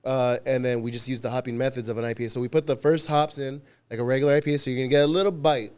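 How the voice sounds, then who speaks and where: A man's voice: mid-range voice, rapid-fire, clear, resonant tone. A man telling workplace stories on a podcast, swearing freely and acting out the dialogue. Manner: profane, animated anecdotes with quoted dialogue; frequent laughter and restarts. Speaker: podcast guest, union warehouse worker. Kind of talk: casual storytelling chat.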